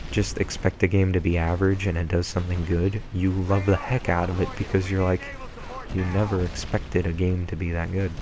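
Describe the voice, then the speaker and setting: A man talks casually over his gameplay in a rambling way, loses his thread and fills the gaps with ums. His voice is very low. A clear hiss of background noise sits under his home recording. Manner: rambling, full of ums and tangents. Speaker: let's play gamer.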